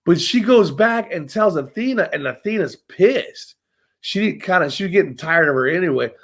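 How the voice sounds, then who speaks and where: A man's voice: high-pitched, normal speed. A man retelling myths in a casual, rambling chat, swearing constantly. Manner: profane, rambling, animated.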